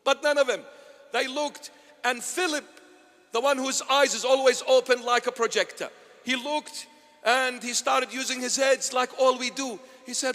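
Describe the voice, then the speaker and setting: Male preacher, high voice, animated storyteller who acts out his characters, recorded live in a church with a long reverb. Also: normal speed. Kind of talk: storytelling sermon.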